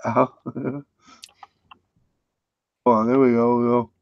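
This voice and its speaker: A man's voice: mid-range voice, little pitch movement, extremely slow, no echo. Easygoing man laughing on a dull dry mic. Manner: laughing, self-deprecating, easygoing. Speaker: livestream host. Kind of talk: casual livestream chat.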